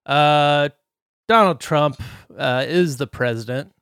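A man co-hosting a comedic podcast, joking and animated as he introduces guests and topics. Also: a little high, slow pace, clear, resonant tone, no echo, studio quality. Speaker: podcast co-host.

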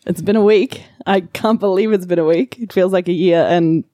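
A woman's voice: lowish voice, normal speed, mellow, no room sound. Giggly woman, close and dry. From Australia. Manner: giggly, chatty. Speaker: podcast guest. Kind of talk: casual chat.

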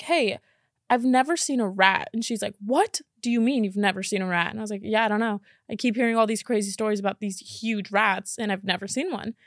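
A woman's voice: medium pitch, fairly bright tone, no echo, clean studio sound. A young woman hosting a podcast, chatting casually and rambling, laughing often and saying "like" a lot. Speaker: podcast host. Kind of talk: casual chat.

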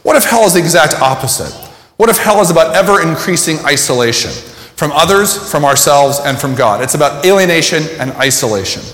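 A man's voice: a little high, expressive, fairly quick, a bit bright, slight background noise. Man preaching in an echoey hall. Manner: storytelling, reflective, conversational preaching. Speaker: pastor. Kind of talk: sermon. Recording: echoey hall with long reverb.

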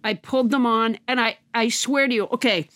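A woman's voice: on the high side, steady tone, fairly quick, fairly bright tone. A woman from Massachusetts, chatting casually as a guest and telling amused stories. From Massachusetts, USA. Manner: anecdotal storyteller, amused, chatty. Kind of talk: casual chat.

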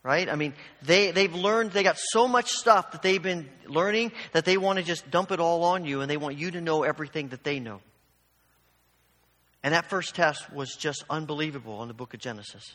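A man's voice: on the high side, normal speed, fairly bright tone. A man preaching a sermon, telling a personal story and then urging his listeners on with growing fervor. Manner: storytelling, building to fervent exhortation. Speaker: pastor. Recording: long hall reverb.

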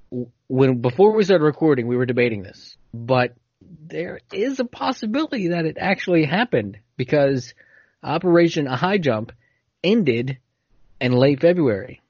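A man co-hosting a podcast, talking casually and explaining a timeline in a relaxed way. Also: mid-range voice, dry recording, dull audio. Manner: relaxed, conversational, explains at length. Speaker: podcast co-host. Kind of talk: casual chat.

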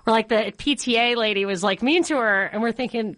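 A woman hosting a talk radio show, her voice sitting a little high and sounding dry and close on a studio microphone. She chats along with quick asides and laughs often. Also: a bit bright, dry recording.

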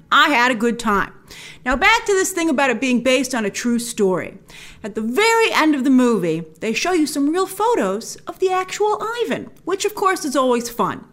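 A young adult woman chatting through a casual film review, animated and chatty, acting out her own reactions in mock-dramatic asides. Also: sits high.

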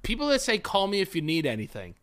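A man co-hosting a podcast in casual comedic banter, crude and prone to bursting into shouted mock rants. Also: high-pitched, wildly swooping pitch, quick pace. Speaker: podcast co-host.

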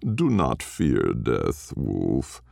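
A man reading as a calm, ominous white dog spirit that speaks softly and with measured menace. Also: extremely low pitch, gravelly, no room sound, studio quality, exaggerated voice.

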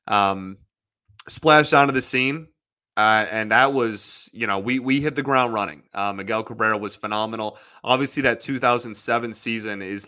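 A man's voice: fairly low pitch, sharp tone, dry recording, studio quality. A man hosting a sports podcast in a casual, emotional monologue, rambling with frequent restarts and repeated words. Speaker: podcast host.

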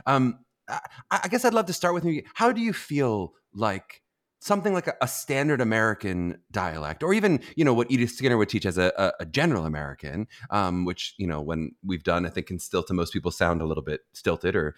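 A man with a low voice hosts a chatty interview, talking fast. He agrees often and asks long, winding questions. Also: sing-song. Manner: quick, affirming, backchannels often. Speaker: host. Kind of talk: conversational interview.

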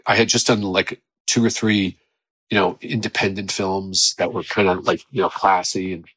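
A middle-aged actor, a man, chatting as a podcast guest, telling rambling, animated anecdotes full of quoted voices. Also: sits low, normal speed, slight background noise. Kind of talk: casual anecdotal chat.

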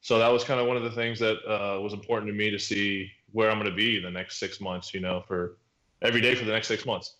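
A man's voice: fairly low pitch, fairly even intonation, fast, pushed and bright. A man in his thirties, a podcast guest, talking in a laid-back, rambling way with lots of fillers. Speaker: podcast guest, pro baseball pitcher. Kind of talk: casual chat. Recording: roomy echo.

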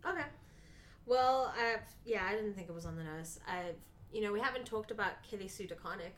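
A woman co-hosting a casual movie podcast, effusive and quick to laugh as she gushes about films. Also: medium pitch, a little hiss or hum. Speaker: podcast co-host. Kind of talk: casual movie review chat.

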